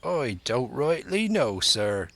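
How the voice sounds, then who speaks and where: A man's voice: mid-range voice, big pitch swings, slow pace, vocal fry, a bit bright, no echo, exaggerated voice. A man voicing a sheepish old grey-haired sailor who answers meekly, in an audiobook.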